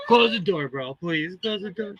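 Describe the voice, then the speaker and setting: A middle-aged man with a rather high, shrill, bright voice chats unhurriedly on his live stream, greeting viewers by name between laughs. His pitch swings widely as he talks into a computer microphone in his sewing room at home. The sound is close and dry. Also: slightly rough, no echo. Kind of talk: casual live-stream chat.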